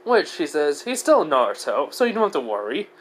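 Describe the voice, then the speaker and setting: A man's voice: a little high, big pitch swings, a little fast, a bit bright, low-quality recording. A man casually narrating a fan fiction story, rambling with lots of fillers and self-corrections.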